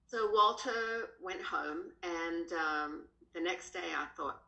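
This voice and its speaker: Australian woman, lowish voice, bright tone, animated storytelling, roomy echo. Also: slow pace, gravelly, few pauses. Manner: animated, jumps up in pitch when quoting. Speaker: guest, horse trainer. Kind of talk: casual storytelling in a podcast.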